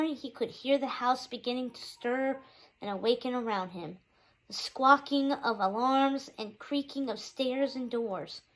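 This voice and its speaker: A woman teacher reading a children's chapter book aloud with expressive narration. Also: high voice, poor audio.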